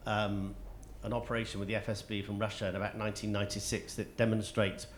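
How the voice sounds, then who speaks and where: A man's voice: lowish voice, little pitch movement, fast, a little hiss or hum. A man interviewing an author on stage, asking admiring questions.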